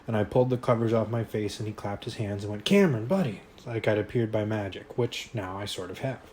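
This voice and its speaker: A man narrating a first-person novel in a quiet, measured way, with occasional slips. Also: fairly low pitch, steady tone, a little hiss or hum, poor audio. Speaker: audiobook reader.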